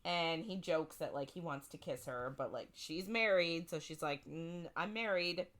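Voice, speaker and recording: This co-host of a casual book podcast has a low, slightly bright voice and talks at normal speed. Her rambling plot summary is full of "like" and "um".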